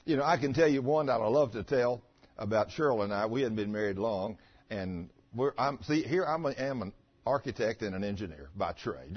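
A pastor, preaching and telling personal stories in a folksy, chatty way with stammering restarts. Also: male voice, fairly low pitch, slightly rough. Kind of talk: sermon with personal storytelling. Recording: muffled lo-fi recording.

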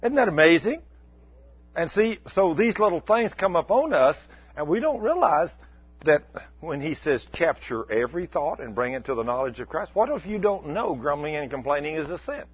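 A man, preaching a folksy, animated sermon. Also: a little high, moderate pace, breathy edge. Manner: folksy, animated, acts out mock complaints. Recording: dull lo-fi recording.

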